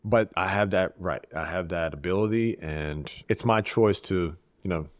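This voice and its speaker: A man from Eastern Europe talking as a podcast guest in casual, reflective conversation, measured and restarting his phrases as he thinks. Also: sits low, no room sound, studio quality.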